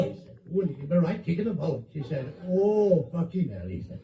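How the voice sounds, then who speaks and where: A little high and sing-song, his gravelly, mellow voice moves at a normal speed as he tells bawdy jokes, swearing freely and doing separate voices for the characters. The sound is lo-fi with a little hiss or hum, recorded on a phone from a distance in an echoey room.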